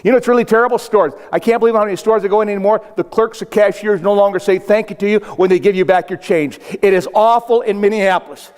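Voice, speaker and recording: An older man from South Dakota delivers a humorous keynote to a crowd, telling stories in a fairly high voice and throwing in acted-out quotes and punchy asides. The sound carries a long reverb from a big hall. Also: fast talker, few pauses, darkish tone, smooth. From South Dakota, United States. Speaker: motivational speaker. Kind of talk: humorous keynote speech to a live audience.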